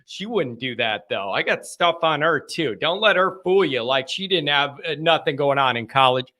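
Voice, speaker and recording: Bright high-voiced joking male host. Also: lively intonation, moderate pace. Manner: joking, rambling, greets viewers by name. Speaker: host of a live fan call-in show. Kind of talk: casual live-stream chat.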